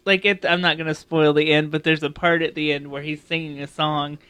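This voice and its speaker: An enthusiastic man in a casual podcast chat rambles happily. His voice is bright and crisp and sits a little high. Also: little pitch movement, brisk. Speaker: podcast co-host.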